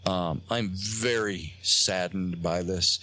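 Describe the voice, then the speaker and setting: A man with a fairly low voice tells a story as a guest on a talk show. He pauses often, restarts his sentences and fills the gaps with "uh" and "um.". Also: bright, forceful tone, a little hiss or hum. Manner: halting, many fillers and restarts. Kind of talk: casual storytelling on a radio show. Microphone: phone line.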